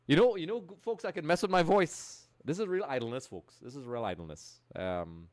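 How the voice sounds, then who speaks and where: A man's voice: fairly high pitch, a little fast, a little mellow, dry recording. A male gaming streamer chatting live, greeting viewers and reading out the chat.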